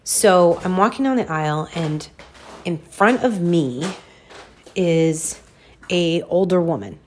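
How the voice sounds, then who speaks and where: Woman in her 40s, podcast host, storytelling solo, lower voice, unhurried. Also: a little hiss or hum. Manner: animated, addresses listeners as "you guys", acts out her reactions. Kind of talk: personal storytelling monologue.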